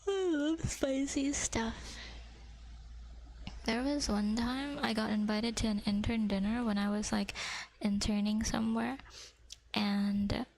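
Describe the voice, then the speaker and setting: Whispering woman with a gravelly edge. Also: mid-range voice, fairly even intonation, a little slow, slight background noise, poor audio. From Philippines. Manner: drifts between soft whispers and chatty talk, swears casually. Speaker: ASMR livestreamer. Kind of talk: whispered livestream chat.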